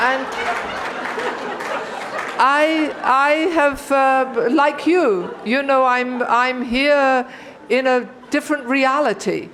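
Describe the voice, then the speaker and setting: A woman in her sixties telling a personal story at a recovery meeting, animated and acting out her own thoughts. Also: high voice, background noise. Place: meeting hall.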